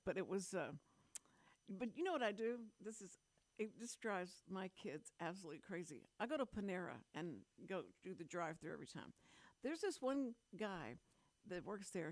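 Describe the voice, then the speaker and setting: A woman's voice: lowish voice, no room sound. A woman in her fifties hosting a community radio talk show, chatting casually, laughing often and restarting her sentences. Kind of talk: casual on-air chat.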